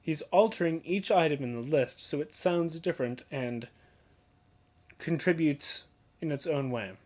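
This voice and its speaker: A young adult explaining how to read poetry aloud, pointing out pauses and emphasis as clips play. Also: mid-range voice, darkish tone. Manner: points out details, emphasizes and repeats examples. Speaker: teacher explaining poetry reading. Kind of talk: casual spoken lesson.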